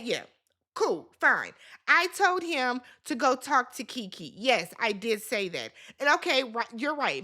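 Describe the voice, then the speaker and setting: A woman's voice: a little high, sharp tone. A woman hosting a reality TV recap, talking in a casual, sassy, opinionated way straight to her viewers.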